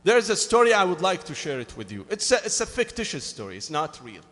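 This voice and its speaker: A man's voice: high voice, quick pace, in a large hall. A man who speaks English as a second language, preaching a sermon as he tells a story with lots of "you know" fillers. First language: Arabic. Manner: animated, acts out both sides of a dialogue, frequent "you know" fillers.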